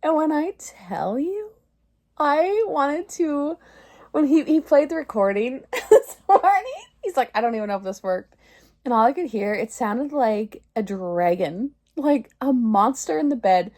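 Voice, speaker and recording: Her voice sits high and a little mellow, with lively intonation and an unhurried pace. This thirties-aged woman chats in a rambling confessional vlog, saying "like" constantly and laughing through her embarrassment.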